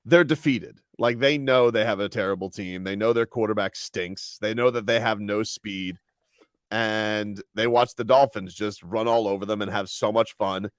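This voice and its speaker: A man's voice: lowish voice, moderate pace, dry recording, clean studio sound. A man hosting a sports radio show in chatty banter, riffing on fans with mock quotes.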